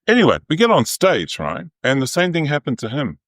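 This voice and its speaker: A New man, an opera singer, telling lively backstage anecdotes as a podcast guest and acting out the quotes. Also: on the high side, a little fast, no room sound. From New Zealand. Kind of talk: animated storytelling.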